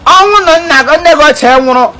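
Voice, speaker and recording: Loud high-voiced Nigerian man. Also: animated, fast, rough recording. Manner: loud, theatrical, stammering and wailing. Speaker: comedian playing an uncle. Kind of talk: comedy skit, mixing Igbo and pidgin English. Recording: music playing behind.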